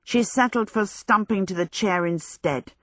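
A woman reading a storybook aloud as narrator, in a measured, expressive storytelling manner. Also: mid-range voice, no room sound, studio quality. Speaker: audiobook narrator.

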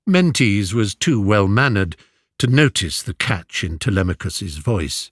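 A man narrating a story aloud in a measured, expressive storytelling manner. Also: lowish voice, husky, no echo, clean studio sound. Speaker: audiobook narrator. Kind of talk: scripted narration.

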